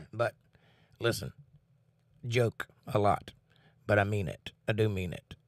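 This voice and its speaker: At a slow pace and in a lowish voice, a man streams casually from home, sharing earnest thoughts on faith and reading out comments. The sound has no echo, and his manner stays relaxed.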